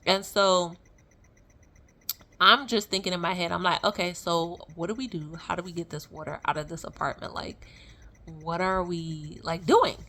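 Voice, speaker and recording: A young adult woman telling a personal story in a casual, animated way, full of fillers and laughing as she goes. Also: fairly low pitch, moderate pace. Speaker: vlogger sharing a testimony.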